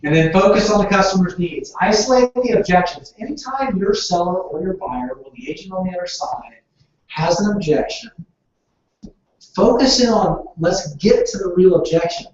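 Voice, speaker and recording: A man training real estate agents in negotiation, asking the room questions and waiting for answers. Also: high-pitched. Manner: asks the room questions, then waits. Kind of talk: training session talk. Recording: echoey room, distant dull mic.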